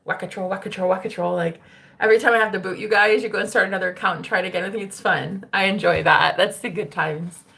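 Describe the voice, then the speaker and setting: A young adult woman, a spiritual streamer, talks casually to her viewers in a medium-pitched, pushed and bright voice with vocal fry, quick pace and fairly even intonation. She's chatty, swears freely and laughs often.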